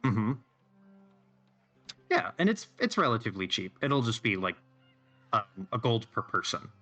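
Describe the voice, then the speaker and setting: A man's voice: medium pitch, very animated, normal speed, pushed and bright, soft background music. A man narrating a tabletop game as game master, talking hesitantly with many fillers.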